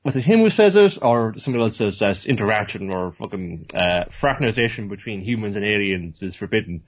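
A man's voice: on the low side, lively intonation, fairly quick, breathy edge. A man co-hosting a casual podcast, rambling and joking, with the odd swear. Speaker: podcast co-host. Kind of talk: casual chat. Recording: dull lo-fi sound.

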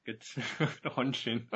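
A man's voice: medium pitch, very slow, a little hiss or hum. A man co-hosting a podcast, talking casually about an anime and acting out characters' lines. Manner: relaxed, acts out characters' lines. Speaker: podcast co-host. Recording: slightly dull lo-fi recording.

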